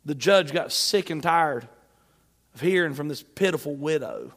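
A man preaching a sermon, asking his listeners questions and repeating refrains, moving from emphatic shouts to soft, quiet passages. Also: a little high, expressive, moderate pace, in a large hall.

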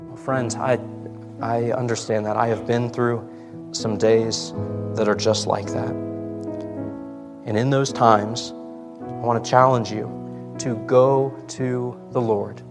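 A man's voice: medium pitch, little pitch movement, takes it slowly, pauses often, over music. A man preaching a sermon in a church, earnest and conversational, with emphatic asides. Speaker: pastor. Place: church sanctuary.

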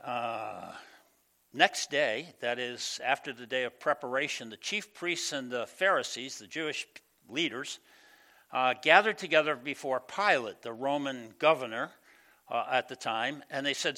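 Man, pastor, relaxed sermon, bright tone, filler words, acts out quotes. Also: mid-range voice, unhurried. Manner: conversational, many fillers, acts out quoted voices. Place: church.

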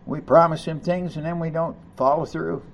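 A man preaching a sermon, reading scripture aloud and commenting on it, rising to loud emphasis on key lines. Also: a little high, steady tone, normal speed, creaky. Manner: reads scripture aloud and comments between passages.

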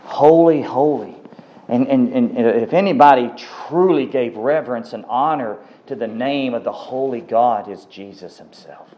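A man's voice: medium pitch, normal speed, few pauses, muffled recording, a little hiss or hum. A man preaching a sermon, emphatic and given to repeating words for stress.

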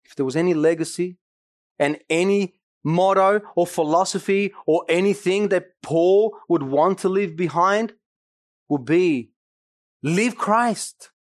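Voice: mid-range voice, measured pace, no room sound, studio quality. A pastor preaching a sermon emphatically, with asides to the congregation.

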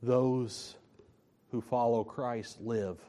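Slow, emphatic male preacher. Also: medium pitch, fairly even intonation, dark tone. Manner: slow, emphatic, repeats key phrases. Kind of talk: sermon.

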